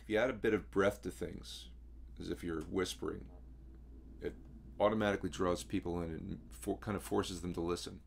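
A baritone man teaching singers how to imitate a rock vocalist, talking in a casual, throaty way that swallows his words. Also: fairly even intonation, normal speed, vocal fry, breathy edge.

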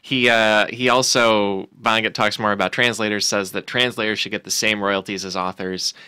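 Bright, clear-voiced man, dry close sound. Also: lowish voice, steady tone, moderate pace, dry recording. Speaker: podcast co-host. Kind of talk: casual comedic book discussion.

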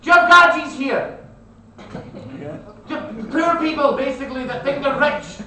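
A Scottish man doing a loud, sweary, rambling stand-up set on a club stage. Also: very high-pitched, normal speed. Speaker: stand-up comedian and compere. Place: comedy club stage, live audience. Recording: echoey live club recording from far off, loud crowd and noise. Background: audience laughter.

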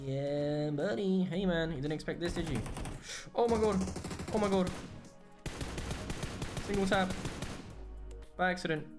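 A man in his twenties from Portugal, giving excitable, exclaiming, slang-filled commentary over his own gameplay. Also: high-pitched, a little slow, pauses often, over music. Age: 20s. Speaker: gaming creator.

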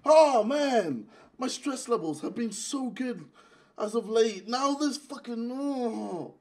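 A young man doing gaming commentary on a headset mic, swearing and raging in loud outbursts. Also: very high-pitched, expressive, takes it slowly. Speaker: gaming YouTuber. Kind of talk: gaming commentary while opening packs. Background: music.

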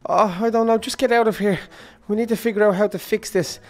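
A man improvising a game role-play, excitable and pleading, often stammering and restarting. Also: sits high, fairly quick.

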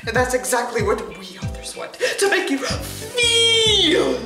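A woman's voice: a little high, big pitch swings, normal speed. A woman reading out a self-satisfied author's note in a chatty, sugary voice. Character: gushing, self-satisfied woman author writing to her readers. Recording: roomy echo with music behind.

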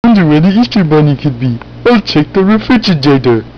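A man's voice: fairly high pitch, sing-song, fairly quick, highs cut off. A man playing a dry, offhand joking friend in a home-made comedy film. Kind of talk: amateur comedy acting.

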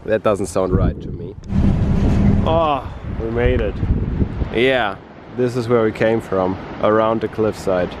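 A man talking in a monotone, feeling unwell, narrating a casual travel vlog outdoors on a coastal trail. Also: lowish voice, takes it slowly. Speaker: travel vlogger. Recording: outdoor noise behind the voice.

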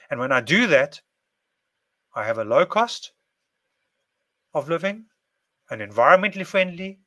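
A man's voice: mid-range voice, pushed and bright. A man giving a casual monologue to camera, speaking in repetitive, list-like phrases. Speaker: video presenter.

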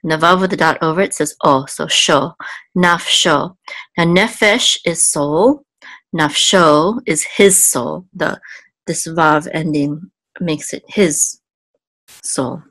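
A woman's voice: low voice, a bit bright, no room sound. A woman teaching a Hebrew reading lesson, patiently sounding out syllables one by one with frequent ums. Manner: patient, spells out sounds slowly, thinks aloud with ums. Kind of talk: casual step-by-step lesson.

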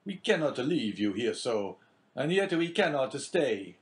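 A man reading the part of a loyal, gruff older sea captain in an audiobook, raising his voice above the narration. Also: very animated, measured pace. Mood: troubled. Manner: declaims lines louder and higher than his narration.

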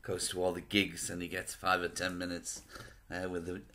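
A man's voice: deep voice, monotone, normal speed, sharp tone, a little hiss or hum. An older man chatting to camera at home in a meandering, self-deprecating way. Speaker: vlogger. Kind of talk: casual chat to camera.

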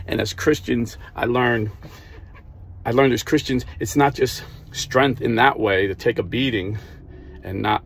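A man's voice: on the low side, vocal fry. A man hosting a Catholic video, preaching earnestly and telling stories in plain everyday speech. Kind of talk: preaching to camera.

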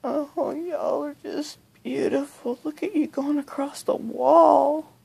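A middle-aged woman talking softly in a bedroom at night, cooing affectionately and often half-whispering. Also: high voice, slow, gravelly. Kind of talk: soft-spoken recorded monologue.

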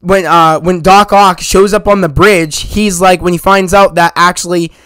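A man hosting a casual spoiler review of a movie, rambling excitedly with lots of "you know" and "like" as he retells scenes. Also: high voice, moderate pace, clear, resonant tone, no room sound. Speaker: movie review channel host.

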